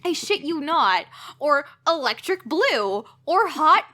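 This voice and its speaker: Young woman podcast co-host, high and lively, with a sweary, laughing comic rant. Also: slow pace.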